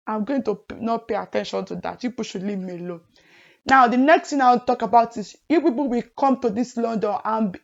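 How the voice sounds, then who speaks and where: A young woman from Nigeria chatting casually to her viewers in a lively, teasing way. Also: a little high, vocal fry. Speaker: vlogger. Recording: muffled lo-fi audio.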